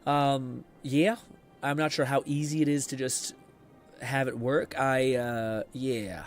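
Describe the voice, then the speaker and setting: A hoarse man casually commenting on a game as he streams it, rambling, swearing freely and reading chat messages aloud. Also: medium pitch, steady tone, slow pace, soft background music.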